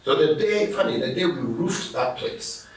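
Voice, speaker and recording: A man's voice: fairly high pitch, animated, normal speed. A middle-aged man, a pastor telling stories and laughing as he answers interview questions. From Ghana. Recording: echoey room, distant mic.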